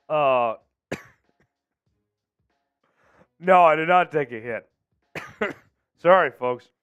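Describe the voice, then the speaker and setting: A man hosting a live sports news show, talking fast and animated about players, then coughing, losing his voice and apologizing to viewers. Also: mid-range voice, smooth, no room sound, dull audio.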